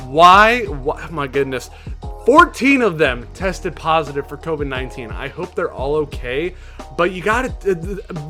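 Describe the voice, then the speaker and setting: A young man casually reacting to sports moments in an animated, indignant way, acting out players' quotes. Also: a little high. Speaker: sports vlogger.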